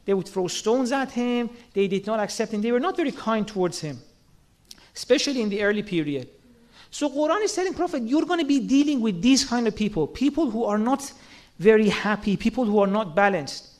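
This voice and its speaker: In this sermon, a man with a notably high, somewhat dark-toned voice speaks a little fast and with animation. He addresses his listeners earnestly, poses rhetorical questions and performs quotations to land each point.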